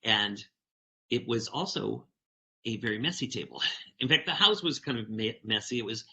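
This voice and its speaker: A man's voice: mid-range voice, lively intonation, moderate pace, gravelly, pushed and bright. A man giving a conference talk, animatedly reading a picture book aloud and telling stories to the audience. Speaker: keynote speaker.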